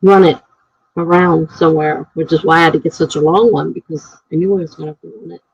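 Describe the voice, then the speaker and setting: A woman writer chatting casually on her live stream, rambling and thinking out loud. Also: low-pitched, steady tone, fast, creaky, breathy edge, dry recording. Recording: dry, slightly dull lo-fi mic.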